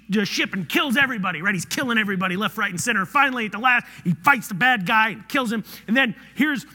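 Animated preacher in a reverberant hall. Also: male voice, high-pitched, slightly rough. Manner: animated, swings from loud to hushed. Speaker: pastor. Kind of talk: sermon.

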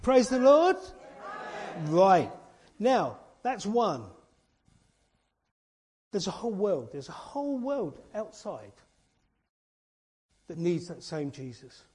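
Brief: man, church elder preaching, warm husky voice, fairly high, earnest and conversational. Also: very animated, slow pace, pauses often. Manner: earnest, chatty preaching with rhetorical questions and asides. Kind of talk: informal sermon.

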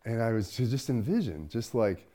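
Middle-aged male pastor, conversational sermon, shifts between emphatic and soft. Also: mid-range voice, sing-song, normal speed. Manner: conversational, swings from loud to hushed.

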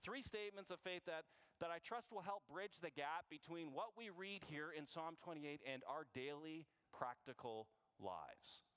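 A man's voice: on the high side, expressive, normal speed, hardly any pauses, fairly bright tone, clear, resonant tone. Earnest conversational male preacher. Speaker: pastor. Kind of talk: sermon.

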